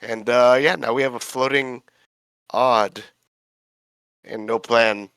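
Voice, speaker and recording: A man with a bright, forceful voice rattles through a recap of his tabletop game session, swearing freely and stumbling over names. The sound is dry and close, with little room around it. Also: medium pitch, steady tone, slow pace, clear, resonant tone, dry recording. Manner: rambling, profane, fumbles names. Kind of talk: casual in-character recap.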